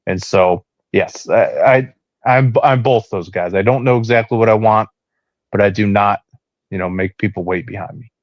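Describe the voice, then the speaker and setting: A man's voice: fairly low pitch, moderate pace, no echo, dull audio. A married man co-hosting a casual podcast, rambling and joking about himself, with lots of restarts. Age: adult, married. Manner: rambling, self-deprecating, many restarts. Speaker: podcast co-host. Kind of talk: casual chat.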